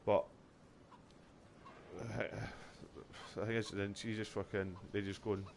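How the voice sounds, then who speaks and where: Scottish male streamer, low-pitched, loose and profane storyteller. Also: steady tone, slow pace, gravelly, slight background noise. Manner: sweary, rambling storyteller. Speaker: game streamer. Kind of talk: casual chat while gaming.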